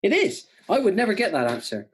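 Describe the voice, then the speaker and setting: Male quiz co-host, chatty and jokey, high voice, speaking from home. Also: huge pitch swings, slightly rough. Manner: chatty, jokey, reads questions slowly twice. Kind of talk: casual online quiz hosting. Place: home room by a window.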